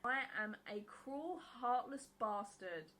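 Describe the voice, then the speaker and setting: Bright-voiced woman reacting with blunt swearing. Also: on the high side, lively intonation, slow, poor audio. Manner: blunt, swears freely, breaks into laughter. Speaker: YouTube reaction creator. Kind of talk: reading aloud and reacting to a Reddit post.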